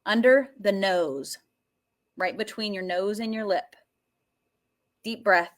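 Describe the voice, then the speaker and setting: A woman guiding a tapping and healing session, talking slowly and emotively with many sighs, and coaxing listeners to repeat her phrases. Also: mid-range voice. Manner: slow, breathy, emotive, with frequent sighs.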